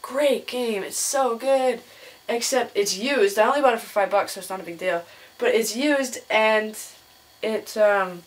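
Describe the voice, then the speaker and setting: A young woman vlogs casually to her camera, chatty and laughing often as she tells stories. She mimics other people in a higher voice.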